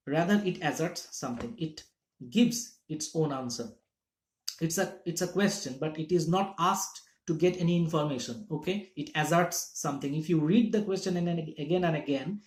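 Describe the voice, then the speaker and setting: A man's voice: high-pitched, a little mellow. A man teaching literature in a classroom-lecture style, explaining step by step and checking in with his listeners. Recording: echoey room.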